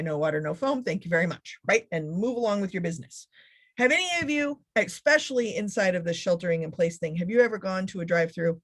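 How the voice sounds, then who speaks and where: A woman giving a motivational keynote talk, speaking in a sarcastic, funny, animated way. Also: medium pitch.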